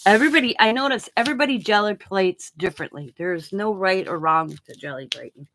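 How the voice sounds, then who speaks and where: A woman's voice: mid-range voice, fast talker, a bit bright, slight background noise. A woman hosting a casual crafting livestream, chatting loosely as she works and chewing gum while she talks. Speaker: craft channel host.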